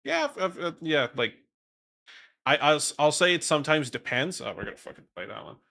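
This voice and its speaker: Bright-voiced dutch guy rambling on stream. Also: a little high, lively intonation, brisk, gravelly. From Netherlands. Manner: rambling, swears casually, reads chat aloud. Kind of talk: casual stream chat.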